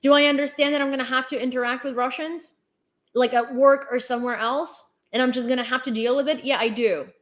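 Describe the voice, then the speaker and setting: A young woman with a high voice talks straight to her viewers in live-stream commentary. She is blunt and sarcastic, openly condescending, and swears freely. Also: fairly even intonation, fairly quick. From Ukraine. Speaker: vlogger.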